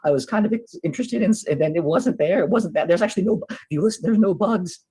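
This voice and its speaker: A man's voice: high voice, fast talker, warm tone, breathy edge, pitched above the performer's own voice. A man voicing a nervous male adventurer who stammers anxiously in a tabletop game. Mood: uneasy.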